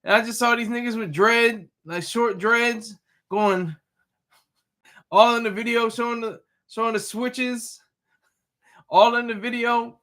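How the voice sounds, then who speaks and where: A man hosting a live stream, answering chat in a casual, rambling way with halting restarts and self-corrections. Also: very high voice, fairly even intonation, bright, forceful tone. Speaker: livestream host reading chat.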